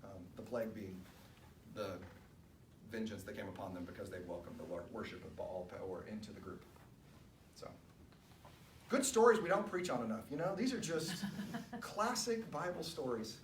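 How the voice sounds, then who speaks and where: A man's voice: lowish voice, very animated, moderate pace, pauses often. A man leading a church Bible study, reading scripture and adding conversational, wry asides with chuckles. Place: church room. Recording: echoey room, distant mic, faint noise.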